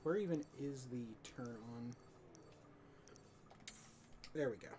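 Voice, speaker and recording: Chatting with his audience during a racing game stream, a man rambles and cracks jokes in casual live-stream talk. His mid-range voice is slow and dark-toned, with a little hiss or hum in the audio.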